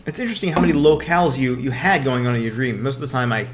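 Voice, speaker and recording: A man chatting casually while playing a game, reacting and thinking out loud. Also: mid-range voice, racing, soft background music. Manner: lively, reacting and musing aloud. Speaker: co-host of a game podcast.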